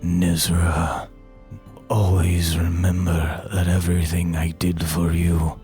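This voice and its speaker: A man's voice: low-pitched, monotone, slow, dark tone, soft background music, pitched below the performer's own voice. A man doing a passionate older mentor. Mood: earnest. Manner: earnest, passionate, warning. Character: intense, loving older male mentor.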